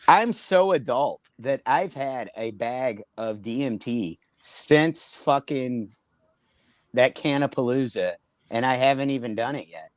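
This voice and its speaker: A man's voice: mid-range voice, expressive, measured pace, no room sound. Middle-aged guy on a comedy podcast, swearing and rambling thru stories, laughs a lot, dry close sound. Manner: profane, laughing, rambling anecdotes. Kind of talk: casual storytelling chat.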